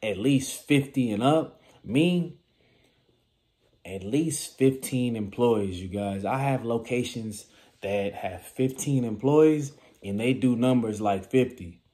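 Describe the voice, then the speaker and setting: A man with a Californian accent talks through business advice in a loose, animated vlog style. His voice sits in a middle pitch with a dark, mellow tone. He slips into little acted-out scenes as he goes. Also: takes it slowly. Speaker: vending machine business vlogger.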